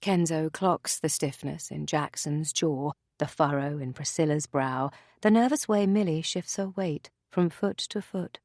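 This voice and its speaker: Woman, audiobook narration, measured dry delivery, low pitch, dry booth recording. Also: darkish tone, no room sound. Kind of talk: scripted narration.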